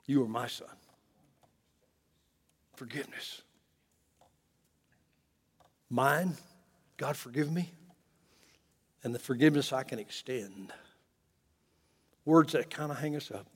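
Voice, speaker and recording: A man preaching and telling a story, swinging from loud to hushed with chuckling asides. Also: mid-range voice, slow pace, pauses often, slightly rough, big-room sound. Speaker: pastor. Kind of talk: sermon storytelling. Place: church.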